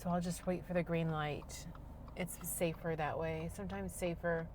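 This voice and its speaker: A middle-aged woman, rambling loudly and self-deprecatingly to camera while driving, on a clip-on mic. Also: on the low side, little pitch movement, moderate pace, slight background noise. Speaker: vlogger. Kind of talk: rambling casual monologue. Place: in her car while driving. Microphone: clip-on microphone.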